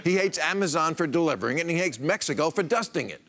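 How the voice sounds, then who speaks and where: A man's voice: fairly high pitch, animated, quick pace. A middle-aged American man delivering a sarcastic stand-up monologue as a late-night comedy host in a television studio before a live audience. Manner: wisecracking, sarcastic, laughing between jokes. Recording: loud studio audience laughter and noise.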